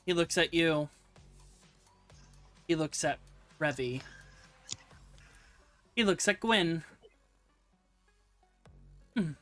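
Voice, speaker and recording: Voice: medium pitch, expressive, very slow, long pauses, a bit bright, faint music behind. A playful, teasing game master narrating a streamed tabletop game.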